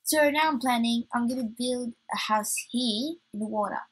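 A woman's voice: fairly high pitch, moderate pace, slightly rough, poor audio. A woman hosting a let's play, chatting to herself as she plays and getting easily startled. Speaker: gaming channel host.

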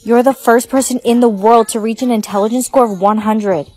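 Slightly high synthetic woman's voice. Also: fairly even intonation, a little fast, darkish tone, faint music behind. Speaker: text-to-speech storyteller. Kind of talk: text-to-speech POV skit narration.

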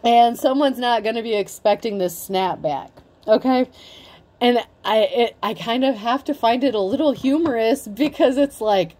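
A woman's voice: a little high, moderate pace, a little mellow. A woman giving a casual tarot reading, chatty and blunt, swearing freely and saying "like" a lot. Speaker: tarot reader.

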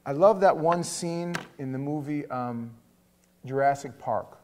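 A man pastor preaching a sermon in a chatty, animated way, swinging from soft asides to loud emphasis. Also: on the high side, a little slow, a little hiss or hum. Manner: conversational, with filler words.

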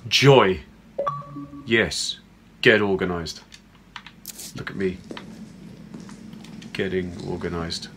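Bright-voiced playful male gamer. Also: fairly low pitch, animated, normal speed, pauses often, slight background noise. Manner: playful, chatty, talks to viewers while playing. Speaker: gamer playing through a horror game. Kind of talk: casual let's-play commentary.

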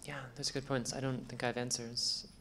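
A man on a conference panel replying to audience points, reflective and agreeable, at a middle pitch. His voice carries a faint hiss of background noise. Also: little pitch movement, a little fast, pushed and bright.

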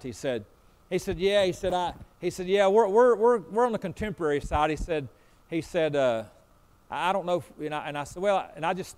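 A man's voice: on the high side, a little mellow. A man preaching a sermon as pastor, telling a story in a folksy way and acting out both sides of a conversation. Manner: folksy, repeats "I said" and "he said".

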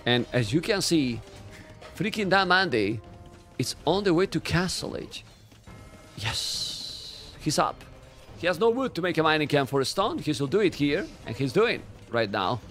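A man with a Spanish accent casts a live strategy match. His voice sits a little high and swings up and down a great deal as he calls the action and teases his viewers. Faint music plays under him. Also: normal speed. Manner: animated, chatty, teasing the chat. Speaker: game caster. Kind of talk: live esports commentary.

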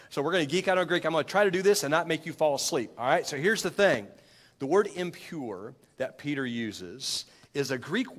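A male pastor preaches a conversational sermon into a handheld microphone in a reverberant church sanctuary. His voice is fairly high and a bit bright, and he corrects himself and asks the congregation questions.

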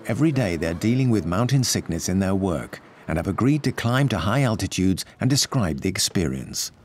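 A man narrating a science documentary in a measured, explanatory way. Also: low-pitched, animated, darkish tone, slight background noise. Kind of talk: scripted narration. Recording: faint music behind.

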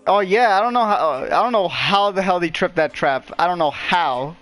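High-voiced man, profane livestream banter. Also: normal speed, faint music behind. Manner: profane, laughing, excitable banter. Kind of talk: casual gaming livestream chat.

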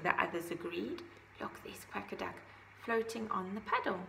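A woman reading a children's picture book aloud, gently adding her own asides about the pictures. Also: medium pitch, normal speed, creaky, a little hiss or hum, poor audio. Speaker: storybook reader.

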